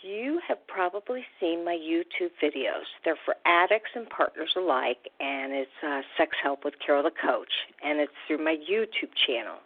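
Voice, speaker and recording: A woman's voice: sits low, expressive, moderate pace, few pauses, no room sound. A woman hosting a radio talk show as a recovery coach, chatty and upbeat, with casual fillers. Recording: tinny phone-line sound, dry.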